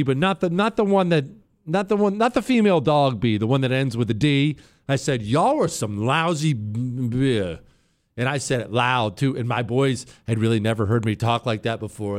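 A man telling a travel story on air, animated and sarcastic, swinging between loud and quiet. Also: mid-range voice, smooth. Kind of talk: storytelling monologue.

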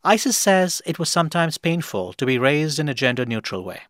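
A man hosting a radio program, narrating in a measured storytelling manner and asking gentle, probing questions. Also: a little high, very animated, no room sound, clean studio sound. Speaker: host and interviewer. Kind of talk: scripted radio narration and interviewing.

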